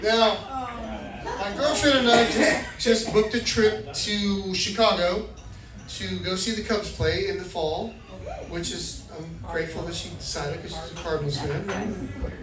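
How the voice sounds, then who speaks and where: High-voiced middle-aged comedian on stage. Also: male voice, unhurried. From Florida. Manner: animated storytelling, acts out voices, shouts punchlines. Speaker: stand-up comedian. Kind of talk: stand-up comedy set. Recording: echoey club recording from far off, crowd laughter. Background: audience laughter.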